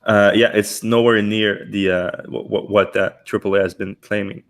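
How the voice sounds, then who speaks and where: A man hosting a casual podcast chat, slightly hoarse from being a little sick and talking in halting bursts with many restarts. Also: fairly low pitch, flat delivery. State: losing his voice, a little sick. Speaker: podcast host.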